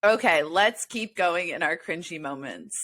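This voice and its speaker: A woman co-hosting a casual sports podcast, animated and often breaking into laughter. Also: lowish voice, a little slow. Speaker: podcast co-host. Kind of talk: casual chat.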